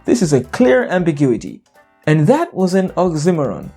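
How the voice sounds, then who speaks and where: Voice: medium pitch, sing-song, normal speed, warm tone, soft background music. An English teacher giving an educational narration, explaining playfully with jokes and wordplay.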